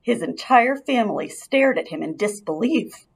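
Gravelly, lively woman reading a storybook. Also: on the high side, moderate pace. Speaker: audiobook reader. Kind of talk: children's storybook narration.

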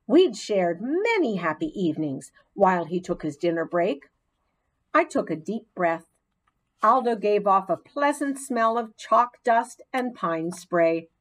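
A woman narrates a children's storybook, slow and unhurried, with a lively, rising and falling melody. Her reading is expressive and gently dramatic. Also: mid-range voice, rough recording. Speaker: audiobook narrator.

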